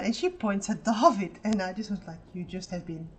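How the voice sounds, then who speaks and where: A woman's voice: mid-range voice, moderate pace, few pauses. A woman co-hosting a live stream, telling stories in casual chat and swearing freely. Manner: animated storytelling, swears freely. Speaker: streamer co-host.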